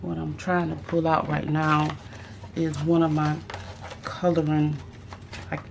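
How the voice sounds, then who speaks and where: A woman chatting casually about art supplies on her craft vlog, thinking aloud with pauses and restarts. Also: deep voice, little pitch movement, vocal fry, background noise. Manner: musing aloud, with fillers and restarts. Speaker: craft vlogger. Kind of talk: casual unboxing chat.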